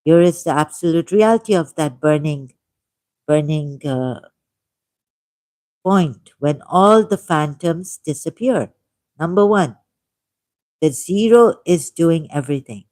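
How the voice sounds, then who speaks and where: A man's voice: on the high side, expressive, a little mellow, dry recording. Man with a Pakistani accent, musing reader. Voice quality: deliberate, repeats key words. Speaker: livestream host. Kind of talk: reading aloud with musing asides.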